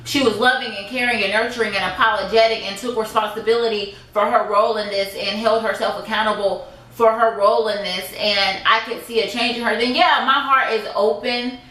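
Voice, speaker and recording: A woman's voice: fairly high pitch, fairly even intonation, fairly quick, bright, forceful tone. Indignant woman vlogger in an echoey room. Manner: indignant, emphatic, repeating phrases. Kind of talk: emotional personal vlog.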